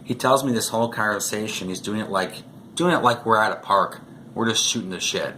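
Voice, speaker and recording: A man's voice: on the low side, fairly quick, bright, forceful tone, slight background noise. A man vlogging, telling rambling stories in a casual way, chuckling often and saying "you know" a lot. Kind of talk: casual storytelling to camera.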